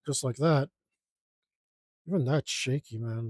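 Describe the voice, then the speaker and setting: A man's voice: medium pitch, a little slow, pauses often, a little mellow, dry recording. Self-critical man muttering while inking. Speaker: artist inking a drawing. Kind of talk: casual work-along commentary.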